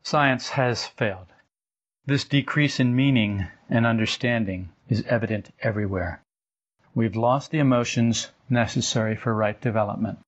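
An older man giving an informal spiritual talk as a teacher, telling stories and acting out quotes with his voice jumping higher. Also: moderate pace. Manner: animated storytelling, acts out quotes with rising pitch. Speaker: esoteric teacher. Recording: dull lo-fi recording.

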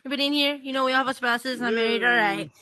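Bright high-voiced woman doing stand-up. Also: fairly even intonation, racing. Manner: giggles between jokes, chatty. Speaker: stand-up comedian. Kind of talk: stand-up comedy set. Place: virtual reality comedy club.

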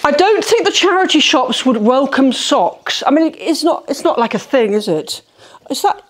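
A woman's voice: high voice, big pitch swings, normal speed. A middle-aged woman, chatting through a declutter vlog as she sorts socks in her bedroom, exclamatory and self-mocking. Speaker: home organising vlogger. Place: bedroom, sorting socks on a bed.

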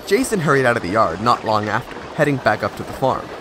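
A man reading a storybook tale aloud in a measured, expressive way. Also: medium pitch, background noise. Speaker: narrator. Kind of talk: storybook narration.

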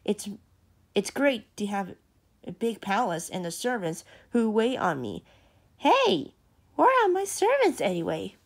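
A woman's voice: very animated, measured pace, breathy edge, exaggerated voice. A woman reading a storybook aloud, voicing a bossy, spoiled young princess who barks orders. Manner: commanding, shrill exclamations.

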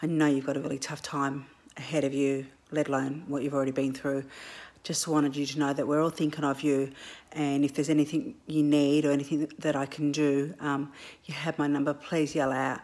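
A woman sending a gentle, caring video message of support. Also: deep voice.

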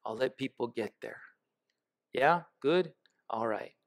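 A man's voice: medium pitch, slow pace. A man preaching a sermon as pastor in a church, building emphatic lists and asking the congregation questions. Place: church sanctuary.

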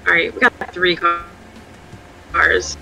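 Young male gamer friend, high and bright, quick short remarks. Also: gravelly, a little hiss or hum, low-quality recording. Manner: laughs easily, chimes in with short remarks. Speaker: friend in voice chat. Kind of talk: casual gameplay chat.

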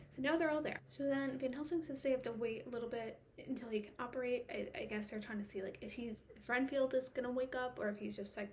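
A woman with a fairly high voice talks through a book recap for her vlog, casual and animated. She rants in exasperation and fires off one rhetorical question after another. A faint hiss sits under the recording. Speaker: book vlogger.

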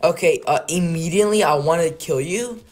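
A young man hosting a game server, commentating in a casual, excitable and joking way at a desk mic. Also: fairly high pitch, brisk. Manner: excitable, joking and laughing, trolling players. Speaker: game server host and YouTuber.

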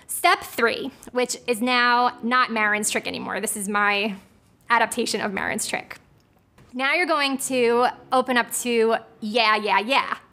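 Bright-voiced upbeat woman voice teacher. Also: fairly high pitch, a little slow. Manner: upbeat and chatty, laughs between points. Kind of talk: casual vocal lesson with sung demonstrations.

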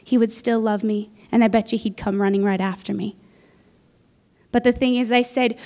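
A woman's voice: fairly high pitch, steady tone, normal speed, a little mellow. A woman preaching a Sunday sermon in a church, telling a personal story earnestly and acting out what was said. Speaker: guest preacher. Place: church sanctuary.

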